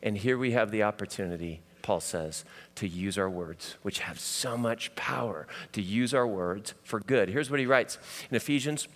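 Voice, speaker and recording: A middle-aged male pastor preaching a sermon, telling personal stories that swing from loud to hushed. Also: fairly low pitch, moderate pace. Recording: hall reverb.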